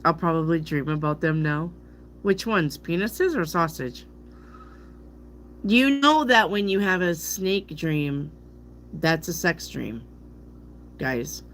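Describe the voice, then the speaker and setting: A woman tarot reader chats casually with her viewers, making bawdy jokes and laughing. Her voice sits on the low side and she talks at a slow, easy pace. A faint hum runs under the recording. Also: animated. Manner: joking, bawdy, laughs often. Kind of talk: casual live-stream chat.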